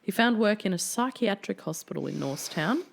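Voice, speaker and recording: A woman's voice: medium pitch, animated, fairly quick, gravelly. A woman hosting a casual true-crime podcast, swearing freely and laughing through the grim details. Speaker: podcast host telling a true-crime case.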